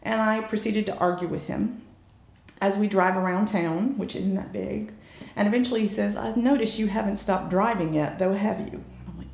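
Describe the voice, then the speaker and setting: A woman telling a personal story in candid chat, blunt and frank, acting out quoted lines with jumps in pitch. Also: moderate pace, gravelly, a little mellow, echoey room.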